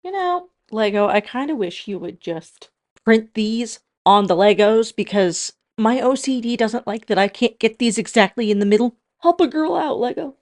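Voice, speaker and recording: A young woman hosting a casual vlog, soft and tearful at times, then bubbly and excitable. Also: a little high, normal speed. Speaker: vlogger.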